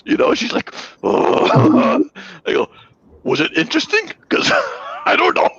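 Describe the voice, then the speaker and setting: A man's voice: extremely high pitch, wildly swooping pitch, slow, gravelly, a bit bright, breathy edge, highs cut off. A man hosting a casual livestream, telling playful stories and laughing often. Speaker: ministry host. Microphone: webcam.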